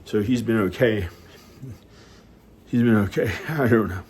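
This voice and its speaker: A man talking at home in a rambling personal monologue, hesitant and halting, with many restarts and fillers. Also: on the low side, darkish tone, a little hiss or hum. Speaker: vlogger. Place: inside his house.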